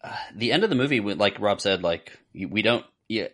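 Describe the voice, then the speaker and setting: A man's voice: fairly low pitch, lively intonation, a little fast, a bit bright. A man co-hosting a casual podcast, reviewing a film in a loose, rambling way with fillers and restarts. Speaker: podcast co-host. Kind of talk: casual movie review chat.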